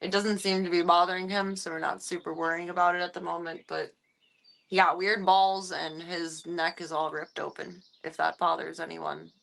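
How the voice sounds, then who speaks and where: A woman's voice: fairly low pitch, little pitch movement, normal speed, vocal fry, fairly bright tone. A woman live-streaming, talking casually to her viewers and cooing baby-talk at a foster cat. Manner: coos and baby-talks to the cat between chatty asides.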